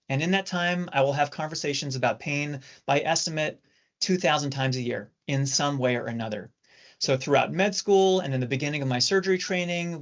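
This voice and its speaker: A middle-aged male surgeon giving a measured, explanatory training talk to nurses. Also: on the high side, fairly bright tone. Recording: dull lo-fi recording.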